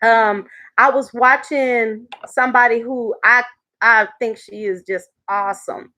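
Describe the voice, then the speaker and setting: A woman talks casually to her viewers on a live stream. Her voice sits fairly high, and she laughs often between thoughts. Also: steady tone, a little slow, sharp tone. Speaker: YouTube live host.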